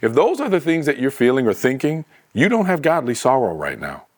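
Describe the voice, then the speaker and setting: A man preaching a sermon in a conversational, animated way, often restarting his words. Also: medium pitch, fairly quick.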